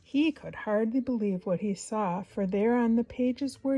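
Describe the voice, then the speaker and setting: A woman reads a children's storybook aloud at an unhurried pace, gentle and expressive. Her voice has a soft, breathy edge, and faint music plays behind her. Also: a little high, poor audio. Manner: gentle, expressive read-aloud with asides to listeners. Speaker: storybook reader. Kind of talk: reading a picture book aloud to children.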